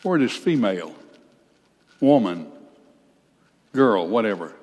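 An older man preaching a sermon, reading scripture slowly and breaking off for folksy, blunt asides. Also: lowish voice, sing-song, darkish tone, breathy edge, highs cut off. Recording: reverberant hall.

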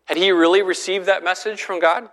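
A man with a high, fairly even voice talks fairly quickly, sounding a bit bright, with long hall reverb on the recording. He teaches a Bible class conversationally and keeps putting rhetorical questions to his listeners.

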